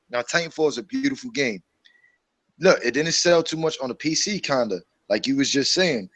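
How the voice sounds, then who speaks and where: Man, high register, preachy, animated co-host. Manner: animated, preachy, mocks others in a put-on voice. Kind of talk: casual gaming chat.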